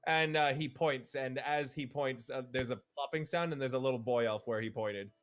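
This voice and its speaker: A man's voice: mid-range voice, moderate pace, faint music behind. A man running a tabletop game as game master, narrating with playful energy and frequent laughs.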